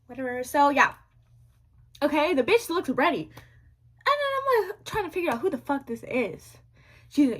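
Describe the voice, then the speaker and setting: A young woman telling a story to her viewers in a casual vlog, animated and slangy, repeating lines for drama. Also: high voice, moderate pace.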